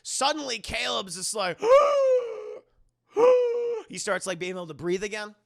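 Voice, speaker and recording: A man's voice: high voice, expressive, fairly quick, vocal fry, pushed and bright. A young man streaming a casual, profane movie recap while talking to his chat.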